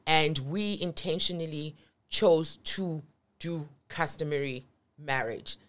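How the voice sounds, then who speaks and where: A woman's voice: low voice, takes it slowly. A woman, a podcast guest telling her story in a blunt, emphatic way and swearing freely. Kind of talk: candid conversational storytelling.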